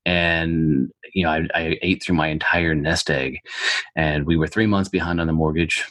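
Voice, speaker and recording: A man's voice: extremely low pitch, moderate pace, no room sound. A middle-aged man from the United States telling his story as a podcast guest, blunt and heavy on swearing. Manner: profane, blunt and animated storyteller. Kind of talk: storytelling in an interview.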